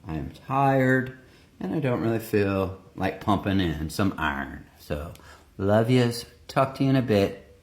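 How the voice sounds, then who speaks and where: A man with a fairly low, expressive voice speaks at a measured pace as he chats through a home baking vlog, drifting into asides. He's in an indoor home baking room, recorded by phone and occasionally earbuds.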